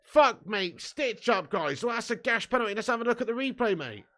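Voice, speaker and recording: This streamer's voice sits very high and moves fairly fast, full of expression. He's a young guy running a live football watch-along, calling the action, reading out chat, and trading banter. The swearing is frequent, and his mood lurches between low grumbles and loud yelling and laughing.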